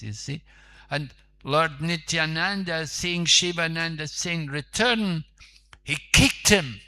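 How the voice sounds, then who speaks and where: Man preacher telling a temple story, super bright voice, slow, chatty asides. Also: fairly high pitch. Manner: unhurried, conversational, with asides to listeners. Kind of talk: sermon storytelling.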